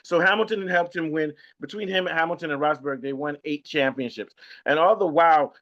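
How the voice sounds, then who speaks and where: A man co-hosting a casual sports podcast chat, talking in an animated way and often repeating words as he thinks. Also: on the high side, brisk. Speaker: co-host. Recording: lo-fi dull sound.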